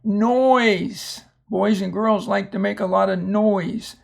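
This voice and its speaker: A man teaching a phonics lesson, saying each example word slowly and deliberately before using it in a sentence. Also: high voice, level tone, vocal fry. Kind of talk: reading lesson.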